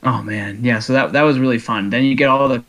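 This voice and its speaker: Excitable young man on a fan podcast. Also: medium pitch, quick pace. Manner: excitable, laughing storyteller. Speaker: podcast co-host. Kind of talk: casual chat.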